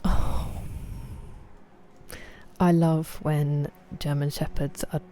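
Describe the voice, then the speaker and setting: A woman's voice: sits low, little pitch movement, drawn-out words, mellow, slight background noise. A woman in her thirties, a game streamer, chatting casually and rambling to her viewers about her dog. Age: 30s. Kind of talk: casual live-stream chat.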